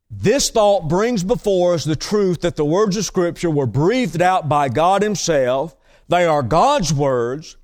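Emphatic preacher man, slow and higher. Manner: emphatic, repeats key phrases, drawn-out stresses. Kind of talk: sermon teaching from notes.

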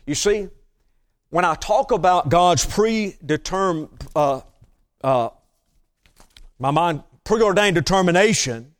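A man's voice: high voice, lively intonation, takes it slowly, pauses often. A man preaching a teaching sermon to a congregation, emphatic and repeating his key phrases.

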